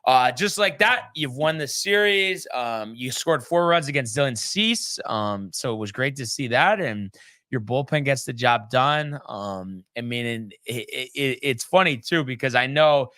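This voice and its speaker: Bright, crisp male sports host. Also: medium pitch, measured pace, no echo. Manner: loose and chatty, many ums and restarts. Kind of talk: casual sports recap chat.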